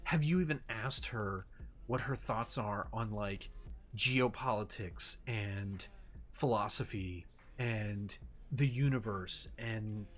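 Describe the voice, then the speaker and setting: A man hosting a casual commentary video, ranting in an animated, exasperated way with frequent profanity and mocking asides. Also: on the low side, takes it slowly. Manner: animated, swings into mocking impressions and sarcastic read-outs. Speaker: commentary host.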